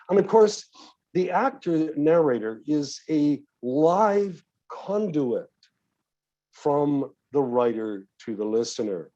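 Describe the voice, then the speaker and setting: Older man, mellow expressive narrator. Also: medium pitch. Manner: expressive, leans on "of course", stretches words for emphasis. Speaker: audiobook narrator and actor. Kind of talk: reflective talk at a convention. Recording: dull lo-fi audio.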